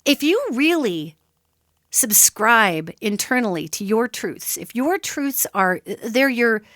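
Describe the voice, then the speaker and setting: A solo radio talk show host with a slightly high voice takes her time explaining ideas to her listeners, addressing them directly. Her delivery is animated, emphatic and conversational, like teaching. The sound is studio quality with no room sound.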